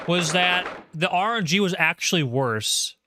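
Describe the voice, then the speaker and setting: A man's voice: high-pitched, a little slow, background noise. A man streaming a game, chatting animatedly with viewers in casual commentary. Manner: chatty, animated, talks to chat.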